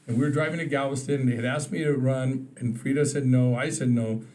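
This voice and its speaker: A man from Texas, a podcast guest, telling lively stories in casual conversation and acting out the people he quotes. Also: medium pitch, fast, a little hiss or hum. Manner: animated storyteller, acts out quoted phone calls with laughter. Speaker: podcast guest, state representative. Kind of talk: casual storytelling interview.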